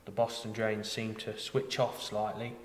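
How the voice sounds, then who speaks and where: A man's voice: on the low side, completely flat delivery, a little slow, slight background noise. A man co-hosting a casual podcast, telling rambling stories full of fillers and restarts. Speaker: podcast co-host, tackle shop worker. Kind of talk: casual chat. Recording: echoey room with long reverb.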